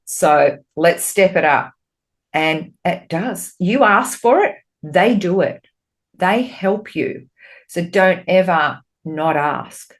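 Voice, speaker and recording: A spiritual medium and podcast co-host chats casually in a lowish, slow voice. Her manner is open and expressive, peppered with free swearing. She becomes animated as she relates what she and spirit talked about.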